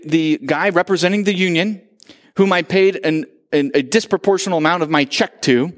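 A man preaching a sermon, telling stories animatedly and acting out the quotes. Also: a little high. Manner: animated storytelling with acted-out quotes. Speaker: pastor.

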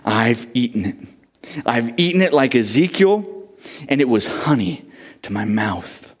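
A man's voice: medium pitch, very animated, unhurried. A man voicing a defiant orphan boy, fervent and stubborn, reading a story aloud in a sermon. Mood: awed.

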